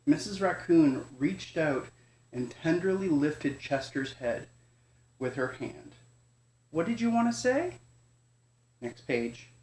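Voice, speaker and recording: A man reads a bedtime story aloud in a slow, unhurried way, with his voice sitting slightly high. He is gentle and informal and sometimes stumbles and corrects himself. The room sounds echoey around him. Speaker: father reading to his son.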